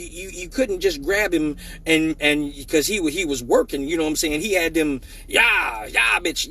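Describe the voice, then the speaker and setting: A man hosting a live stream, telling a profane story in a lively way and acting out the voices of the people in it, with many restarts. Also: fairly high pitch, husky, far from the mic. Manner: animated, acts out quoted voices with many restarts.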